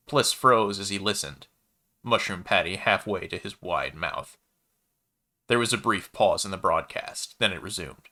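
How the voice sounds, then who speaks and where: A man narrating a sci-fi story in a steady, measured reading voice. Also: low voice.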